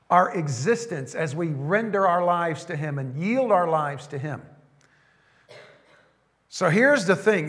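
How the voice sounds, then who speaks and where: A pastor preaching a sermon, slowing down to stress the scripture lines he quotes. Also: sits high, fairly bright tone, long reverb tail.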